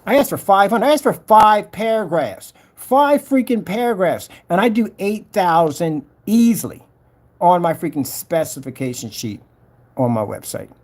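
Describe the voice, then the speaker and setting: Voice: medium pitch, expressive, normal speed, a little mellow. A vlogger ranting casually to camera, scolding and mocking a troll while reading his comments aloud.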